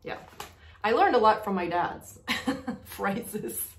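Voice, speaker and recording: Slow-paced bubbly woman teaching, echoey nook. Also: mid-range voice, big pitch swings. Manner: bubbly, repeats phrases slowly for learners. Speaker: Polish language teacher. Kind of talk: casual language lesson. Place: small nook at home, sitting on the floor.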